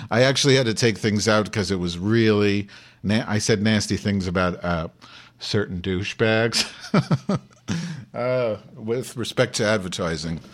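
A man's voice: lowish voice, lightly acted. A man playing a brash, foul-mouthed Jewish woman who hosts a live online show, ranting and rambling in improvised comedy. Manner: profane, abrasive, rambling rants.

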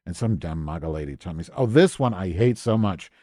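A man's voice: low voice, animated, brisk, mellow, no echo, studio quality. A man hosting a live stream, ranting with exasperated, profane sarcasm as he comments on his screen. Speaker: podcast host.

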